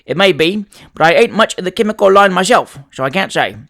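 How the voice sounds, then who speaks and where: A cheeky young manservant, as a male reader puts him on, sly and deadpan in his banter. The voice sits a little high and jumps about, louder and brighter than the plain narration. It is a storybook turn with quick, dry wit. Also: vocal fry, heavily acted. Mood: wry.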